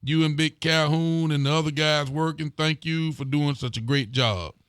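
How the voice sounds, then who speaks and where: A man's voice: on the high side, steady tone, normal speed, fairly bright tone, clean tone, no room sound, studio quality. A man, a sheriff hosting a local live talk show, chatting casually and greeting viewers by name. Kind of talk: casual live-stream chat reading viewer comments.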